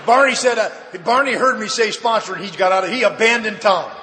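An older man with a high, bright voice gives a testimony in a large convention hall. He swings from shouted punchlines down to low, hushed asides. The long reverb of the hall and a faint hum of ambience hang around him. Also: a little fast, a faint crowd. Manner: animated storyteller, shouts punchlines then drops low and quiet. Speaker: recovery meeting speaker. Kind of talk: personal testimony talk.

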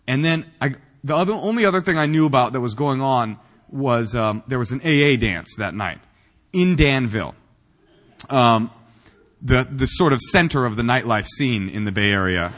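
A man's voice: mid-range voice, lively intonation, normal speed, a bit bright. Self-mocking man in a reverberant hall. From Northern California. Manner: rambling and self-mocking, with many fillers and restarts. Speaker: speaker at a recovery meeting. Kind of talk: humorous personal recovery talk. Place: meeting room.

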